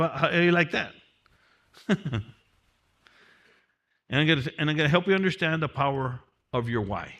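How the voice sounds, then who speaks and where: With a fairly high, sharp-toned voice, a teacher leads his mentoring class through a motivational lecture. He hammers home key phrases again and again, grounding his points in what he lived through in prison.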